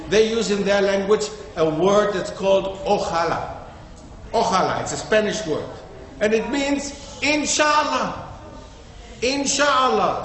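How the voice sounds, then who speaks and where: A man's voice: high-pitched, a bit bright. A man giving an interactive talk to an audience, often quizzing them and checking with "okay?" as he goes. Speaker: lecturer. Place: community centre hall. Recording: echoey hall with faint noise.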